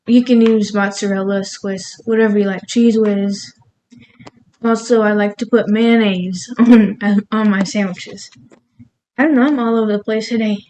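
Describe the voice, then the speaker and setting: A woman's voice: mid-range voice, steady tone, moderate pace, dark tone, slight background noise, rough recording. A woman cooking in her home kitchen, rambling casually and laughing at herself as she talks through her recipe. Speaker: cooking vlogger. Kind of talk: casual cooking vlog chat.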